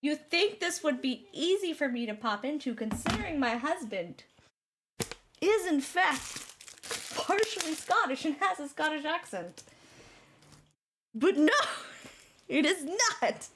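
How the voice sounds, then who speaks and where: A woman's voice: high voice, very animated, slow, long pauses, background noise. A woman giving playful, self-mocking let's play commentary and swearing now and then. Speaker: gaming streamer. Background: game music.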